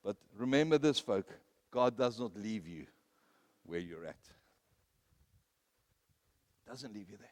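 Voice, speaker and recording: A man preaching a sermon, telling personal stories, rising to loud, emphatic peaks and then dropping low. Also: lively intonation, moderate pace. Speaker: pastor.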